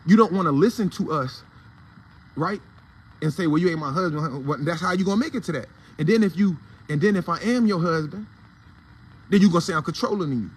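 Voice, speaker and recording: Fast-talking man ranting in AAVE. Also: a little high, slightly rough. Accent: African American Vernacular English. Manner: blunt, heated, profane and preachy. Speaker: host of a morning commentary show. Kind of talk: casual commentary rant.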